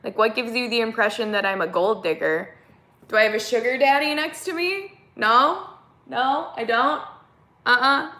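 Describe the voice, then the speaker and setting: Woman, Minnesotan accent, live-stream host, chatty, reading comments, bright tone. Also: on the high side. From United States. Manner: chatty, reads comments aloud and answers them. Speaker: YouTuber hosting a live stream.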